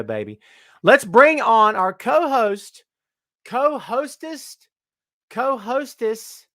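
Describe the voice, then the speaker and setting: A man with a high, light voice hosts a live talk stream, joking and ribbing the viewers as he greets them one by one. The sound is close and dry, with no room echo on his webcam mic. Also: a bit bright. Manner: jokey, teasing, greets viewers by name. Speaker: host of a live wrestling talk show. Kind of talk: casual live-stream chat.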